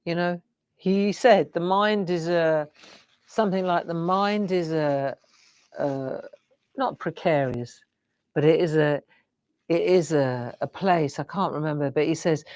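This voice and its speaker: Slow, tearful middle-aged woman. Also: deep voice, a little mellow, no room sound. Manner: reflective, rambling, emotional. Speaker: craft show host. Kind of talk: casual live-stream chat.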